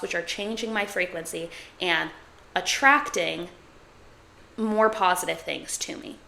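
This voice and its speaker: A young woman in her twenties talks through a solo podcast episode in a loose, chatty way, her "like"s piling up as she reflects. Her voice sits on the low side for a woman and has a gravelly, fried edge. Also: bright, forceful tone. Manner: chatty, heavy use of "like"; reflective and confiding. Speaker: podcast host. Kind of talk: casual solo podcast talk.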